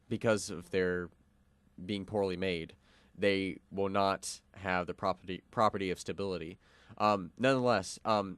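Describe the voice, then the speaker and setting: A man's voice: deep voice, smooth, no echo. A young man co-hosting a college radio show, explaining a philosophical argument with lots of fillers and restarts. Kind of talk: casual philosophical discussion.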